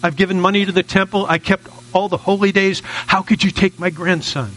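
A man's voice: high-pitched, steady tone, a little fast, a bit bright, voice pushed up, low-quality recording. A man voicing an indignant elderly grandmother who pleads and complains to the heavens, in a raised voice. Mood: distraught pleading.

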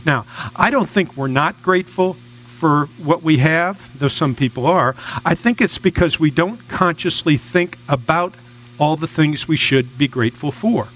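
A man's voice: a little high, a little slow, fairly bright tone, rough recording. A man preaching a sermon in a conversational, repetitive way, often checking in with listeners. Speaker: minister.

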